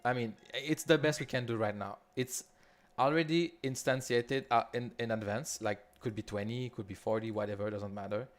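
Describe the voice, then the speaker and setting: A man from Quebec with a Quebec French accent, leading a live coding walkthrough in a halting, think-aloud way with frequent restarts. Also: mid-range voice. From Quebec, Canada. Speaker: developer leading a builder session.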